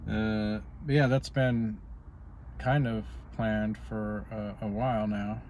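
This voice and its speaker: A man's voice: on the low side, level tone, slow, darkish tone, a little hiss or hum. A man vlogging in a rambling, casual way, stopping often on "you know" as he drifts from politics to personal life.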